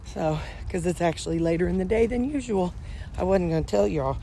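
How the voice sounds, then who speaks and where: A woman's voice: fairly low pitch, fairly quick, warm tone, slight background noise. A woman vlogging at home in a rambling, chatty, self-deprecating way, talking casually to her camera. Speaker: weight-loss vlogger.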